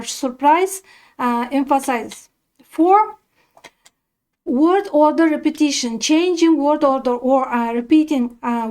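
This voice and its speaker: High-voiced woman reading lesson haltingly. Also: darkish tone. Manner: hesitant, many fillers and restarts. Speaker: student presenting a lesson. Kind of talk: reading grammar lesson notes aloud.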